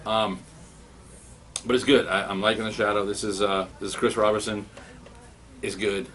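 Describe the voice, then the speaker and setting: A man giving a casual spoken review of comics, excitable and rambling, with many restarts. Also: on the low side, moderate pace.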